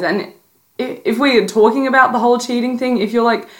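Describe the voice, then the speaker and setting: On her casual advice podcast, a young woman speaks briskly in a fairly high voice. Her style is playful and sassy, blunt to the point and heavy on profanity.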